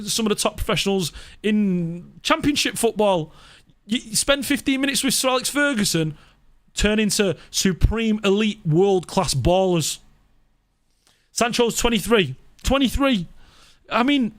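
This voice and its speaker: Man, fan channel live streamer, high voice, animated, mock outrage, repeats himself. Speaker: fan channel presenter reading live chat. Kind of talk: casual live-stream chat.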